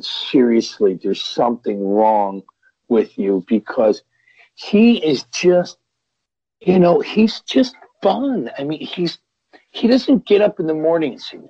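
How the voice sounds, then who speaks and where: Middle-aged man, rambling storyteller, husky voice, dull lo-fi audio. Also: on the high side, mellow, dry recording. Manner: rambling, with many restarts and repeated words. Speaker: guest, veteran pro wrestler. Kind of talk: storytelling podcast interview.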